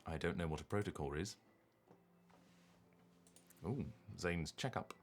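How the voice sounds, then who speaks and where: Deep-voiced man rambling on stream. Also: a little slow, slight background noise. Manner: rambling, animated, thinks aloud. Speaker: streamer and voice actor. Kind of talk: casual gaming stream chat.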